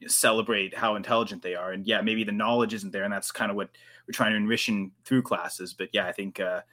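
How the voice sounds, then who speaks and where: A man's voice: on the low side, steady tone, a little fast, pushed and bright. A Canadian man hosting a casual livestream podcast, who rambles with restarts and fillers. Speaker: podcast host.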